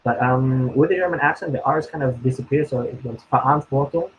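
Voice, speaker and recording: A man's voice: medium pitch, quick pace, muffled recording, slight background noise. A young man from Indonesia chatting casually as co-host, hesitant with many fillers and restarts. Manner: hesitant, many ums and restarts, laughs often. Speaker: co-host answering questions. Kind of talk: casual conversational chat.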